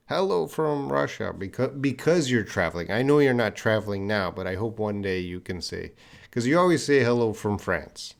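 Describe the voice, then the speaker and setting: Seated at a desk beside a board indoors, a Canadian man teaches English on a live stream, responding to viewers by name as he reads their chat. He speaks at normal speed in an expressive, creaky mid-range voice, patient but full of fillers and false starts.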